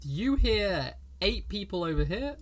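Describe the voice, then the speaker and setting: A man's voice: sits high, big pitch swings, unhurried, a little hiss or hum. A man running a tabletop game as game master, easygoing and matter-of-fact.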